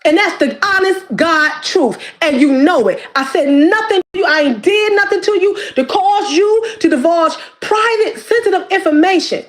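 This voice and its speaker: High-pitched woman, impassioned and preachy. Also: animated, normal speed, few pauses. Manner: preachy and emphatic, repeats phrases. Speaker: YouTube creator. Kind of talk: impassioned direct-to-camera monologue.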